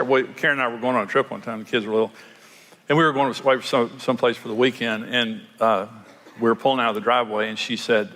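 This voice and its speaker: A man's voice: medium pitch, steady tone, quick pace, a bit bright. An older man preaching a sermon as a pastor, telling folksy stories and acting out quoted lines. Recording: long hall reverb.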